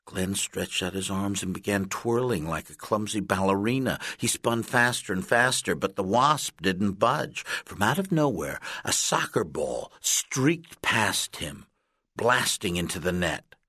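This is a children's audiobook narrated by a man whose lowish, husky voice was captured close on a studio mic in a dry recording. He tells the story in a deliberate, expressive way.

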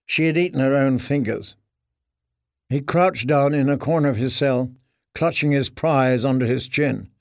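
A man reading a dark story aloud in a steady, measured narration. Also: medium pitch, vocal fry, no room sound, clean studio sound. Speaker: audiobook narrator. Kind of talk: scripted narration.

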